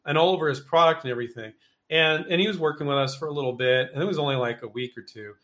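A man's voice: a little high, fast talker, fairly bright tone. A man hosting a live question-and-answer show, talking loosely and chattily, full of fillers and restarts, acting out little quoted exchanges. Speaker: host answering viewer questions. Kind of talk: casual live Q&A.

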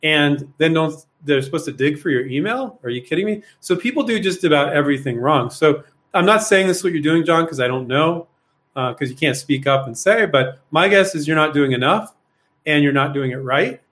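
A man's voice: on the high side, fairly quick, a bit bright. A man hosting a live Q&A, answering viewers' questions in a blunt, rambling way with plenty of fillers and rhetorical questions. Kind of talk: casual live Q&A coaching.

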